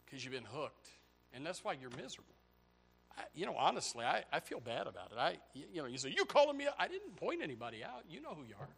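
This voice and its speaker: A pastor preaching a sermon, swinging from loud, high outbursts to low, quiet stretches. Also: male voice, creaky. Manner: animated preaching, voice rising to near shouts and dropping low.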